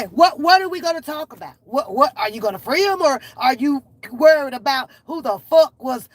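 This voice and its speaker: A woman's voice: high-pitched, animated, moderate pace, low-quality recording. A woman hosting a reaction channel, ranting in blunt, profane, exasperated commentary. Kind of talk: unscripted commentary rant. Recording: faint background noise.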